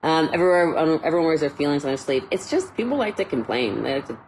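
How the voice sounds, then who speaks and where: A woman's voice: low-pitched, lively intonation, quick pace, darkish tone, slight background noise, poor audio. A woman chatting casually in a vlog, rambling and using many fillers.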